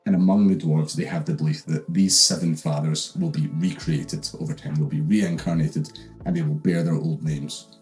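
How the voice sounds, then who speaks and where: A man's voice: a bass voice, fairly even intonation, normal speed, darkish tone, soft background music. A young Scottish man hosting a comedic book recap, rambling with lots of fillers and swearing. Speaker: host.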